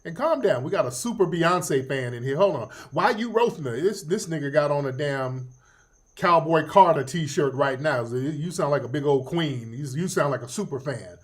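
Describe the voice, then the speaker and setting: Animated, profane middle-aged male host. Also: fairly high pitch, moderate pace. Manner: profane, joking, laughs often. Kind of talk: casual livestream commentary.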